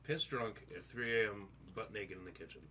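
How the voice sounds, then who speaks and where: A man's voice: lowish voice, brisk, bright, forceful tone, slight background noise. A man talking crudely and bluntly on a casual podcast, swearing often.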